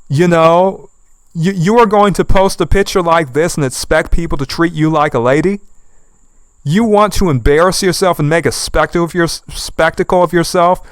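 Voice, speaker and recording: A man's voice: a little high, clear, resonant tone, no room sound. A man giving outspoken online commentary, indignant and scolding, repeating phrases for emphasis. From United States.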